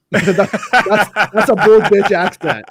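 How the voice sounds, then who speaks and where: A man co-hosting a casual chat podcast, animated and profane, who slips into mocking voices. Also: sits high, takes it slowly, slightly rough. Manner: animated, swears, mocks voices. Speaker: podcast co-host.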